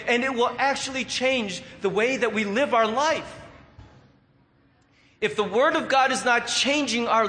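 Pastor, male, high and bright voice, emphatic preaching style with playful asides; echoey sanctuary with a long reverb tail. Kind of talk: sermon.

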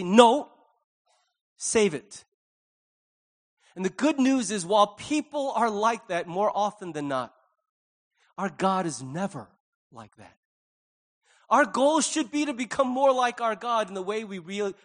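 High-voiced man preaching a sermon. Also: animated, moderate pace, fairly bright tone. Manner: conversational preaching with acted-out quotes. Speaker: pastor.

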